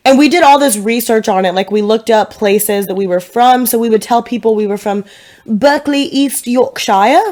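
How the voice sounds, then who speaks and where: Co-hosting a relaxed podcast, a woman in her twenties from Tennessee speaks a bit fast with few pauses, her fairly high voice slightly mellow. The talk is chatty, playful, and full of laughs.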